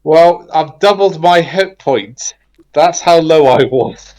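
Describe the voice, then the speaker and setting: A man playing in a tabletop game, talking in a quick, exasperated way. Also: fairly high pitch, darkish tone. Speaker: player. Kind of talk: casual tabletop chat.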